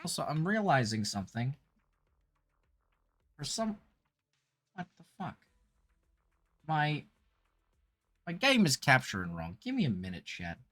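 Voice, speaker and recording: A man's voice: medium pitch, wildly swooping pitch, unhurried, pauses often, pushed and bright, soft background music. A man livestreaming a game, chatting with viewers and thanking them while putting on a celebrity impression accent. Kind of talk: casual livestream chat while gaming.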